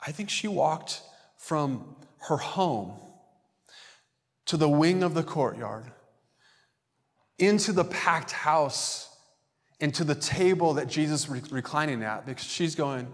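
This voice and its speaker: A man's voice: on the high side, expressive, slow, pauses often. Man preaching in an echoing hall. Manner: conversational preaching, acts out quoted voices. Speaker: pastor. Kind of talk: sermon. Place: church sanctuary.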